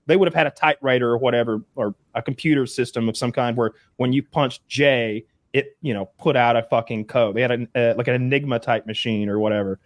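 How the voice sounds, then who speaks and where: A man's voice: medium pitch, steady tone, fast talker, few pauses, dry recording. A man co-hosting a podcast, telling a rambling story in casual chat. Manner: rambling storyteller, puts on mocking voices. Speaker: podcast co-host.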